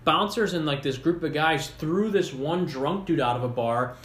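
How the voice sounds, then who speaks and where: A young podcast co-host rambling through a story, his voice slightly high and bright with a forceful edge. It sounds roomy, with noticeable echo around him. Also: normal speed. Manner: rambling storyteller, many fillers. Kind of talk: casual chat.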